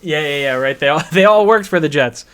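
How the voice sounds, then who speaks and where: A man's voice: a little high, lively intonation, a little fast, a bit bright, clear, resonant tone. A man hosting a casual sports talk show, chatty, laughing easily and rattling off player names and ages. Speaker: podcast host.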